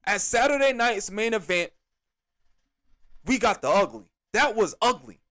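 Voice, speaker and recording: A man hosting a podcast, reviewing a wrestling show in an animated, exasperated rant full of slang. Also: high-pitched, measured pace. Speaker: podcast host.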